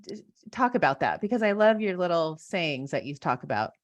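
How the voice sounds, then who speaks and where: This interview host, a woman in her thirties from Washington state, has a lowish, sing-song voice and speaks at a normal speed. The conversation is casual and personal, packed with fillers and restarts.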